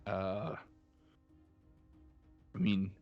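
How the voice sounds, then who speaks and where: A man's voice: sits low, steady tone, very slow, lo-fi sound, faint music behind, full character voice. A man voicing a nervous, fawning male dockhand who stammers and hesitates constantly. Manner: stammering, fussy, full of hesitations.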